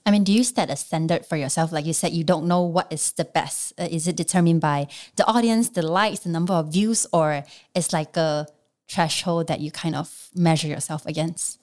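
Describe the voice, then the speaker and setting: A woman hosting a podcast, asking questions and introducing segments in a brisk, scripted way. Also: low voice, darkish tone. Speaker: podcast host. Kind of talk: interviewing and reading an ad.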